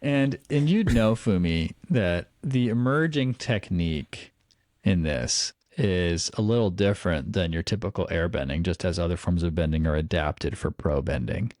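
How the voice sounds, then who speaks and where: Guy game master, lowish voice, dry close mic, lots of ums and side comments. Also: a little mellow, no echo. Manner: loose, filler-heavy narration with quick in-character asides. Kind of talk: narrating a tabletop game.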